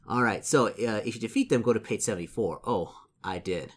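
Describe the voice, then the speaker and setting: A man's voice: on the low side, normal speed, few pauses, fairly bright tone, slight background noise. A man casually reading a solo gamebook aloud, stumbling over and correcting words and adding chatty asides. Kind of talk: casual gamebook read-through.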